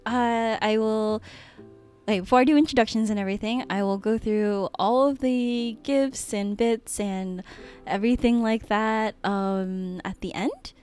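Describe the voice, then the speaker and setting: High-voiced giggly woman streamer. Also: steady tone, measured pace, clear, resonant tone. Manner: giggly and gushing, often laughing; soft, hesitant with many ums. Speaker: VTuber streamer. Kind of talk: live-stream chat. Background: faint background music.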